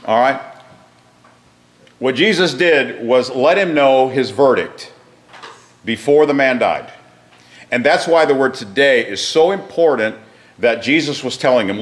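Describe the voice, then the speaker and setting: A man's voice: mid-range voice, lively intonation, a little slow, long pauses. Man, Bible class teacher, explanatory, asks listeners questions.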